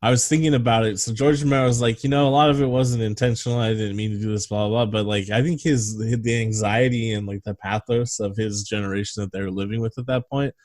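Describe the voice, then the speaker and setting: A man's voice: on the low side, steady tone, fast talker, few pauses, a little mellow, no room sound. A man co-hosting a movie podcast, rambling and swearing casually while reading film trivia aloud. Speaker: podcast co-host. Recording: dry close sound over a video call.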